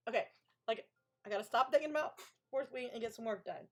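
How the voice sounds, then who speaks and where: A woman's voice: a little high, fairly quick. A woman author hosting a co-working live stream, chatting casually, gushing and talking back to her chat.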